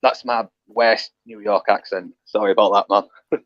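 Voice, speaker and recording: A man's voice: lowish voice, level tone, unhurried, no room sound. A man with a Yorkshire accent joining a casual podcast chat, blunt and swearing freely. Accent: Yorkshire English. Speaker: podcast guest, film reviewer. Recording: muffled lo-fi call audio.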